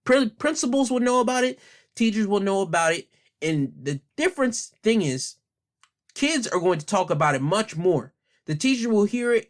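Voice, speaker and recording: A man hosting an opinion podcast, heated and blunt, hammering the same rhetorical questions and speaking in casual slang while holding back his anger. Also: sits high. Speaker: podcast host.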